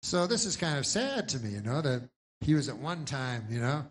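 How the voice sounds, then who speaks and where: Rambling deadpan male stand-up comic. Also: mid-range voice, moderate pace. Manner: rambling, deadpan, meandering asides. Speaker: stand-up comedian. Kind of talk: stand-up comedy set.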